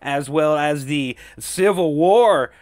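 A man's voice: fairly high pitch, slow pace, darkish tone, dry recording, clean studio sound. A young man hosting a casual solo podcast, rambling, swearing and joking with lots of fillers. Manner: profane, jokey, rambling with frequent fillers. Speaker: podcast host.

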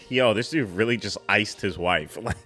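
A man's voice: lowish voice, moderate pace, fairly bright tone, faint music behind. A man hosting a reaction video, exclaiming and chatting in casual slang about what he watches.

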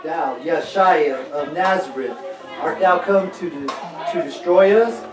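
A congregant reading Bible verses aloud during a sermon, slow and measured. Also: mid-range voice. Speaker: scripture reader. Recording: echoey room, mic far off, music behind.

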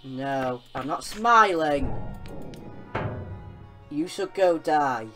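A young woman commenting on a horror game she is playing, excitable and often yelling at the characters on screen. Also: sits low, extremely slow, over music. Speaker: gaming channel host. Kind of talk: let's-play commentary.

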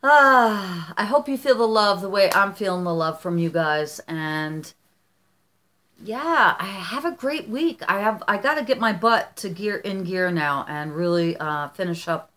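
A woman's voice: medium pitch, expressive, unhurried, pushed and bright, a little hiss or hum. A middle-aged woman from the United States chatting casually on her vlog as she opens fan mail, gushing and rambling with many restarts. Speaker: vlogger.

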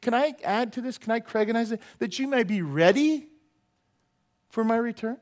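Pastor, male, high voice, jokey animated sermon delivery in church. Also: normal speed. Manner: animated, joking, rhetorical questions. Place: church sanctuary.

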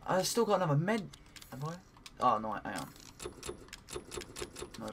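A man giving let's play commentary while he plays, talking to himself, swearing often and breaking into excited cries. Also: fairly high pitch, moderate pace, slight background noise. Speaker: gaming commentator.

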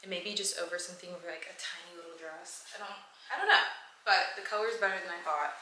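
Chatty young woman, bright echoey room. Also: fairly low pitch, fast. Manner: chatty, rambling, lots of "like", swears casually. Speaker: lifestyle vlogger. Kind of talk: casual chat to camera. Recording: echoey room, faint ambient noise.

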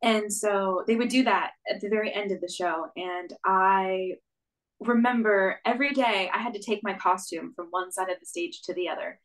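A woman's voice: medium pitch, normal speed, fairly bright tone, poor audio. A young woman, a stage actress, telling her story as a guest in an interview, earnest and reflective, with frequent "like" and "um". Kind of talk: conversational interview.

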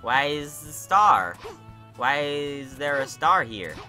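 A man's voice: a little high, big pitch swings, takes it slowly, sharp tone, soft background music. A young man giving profane, sarcastic let's-play commentary as a gaming YouTuber.

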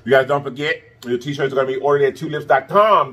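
A man's voice: fast talker, fairly bright tone. A man hosting an eating show, signing off to his viewers in a casual, effusive and affectionate way, blowing kisses and teasing them. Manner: playful and teasing, swinging up high. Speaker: mukbang host.

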